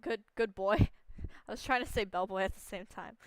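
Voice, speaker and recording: A woman's voice: medium pitch, animated, moderate pace, few pauses, background noise. Playful woman reading game dialogue. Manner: playful, giggly, reads characters in varied voices. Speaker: gaming streamer.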